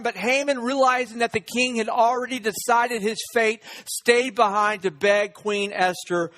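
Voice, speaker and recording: Man, pastor, sermon, high voice, lively storytelling, voices the characters. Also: normal speed, hardly any pauses. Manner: storytelling, acting out the characters' lines.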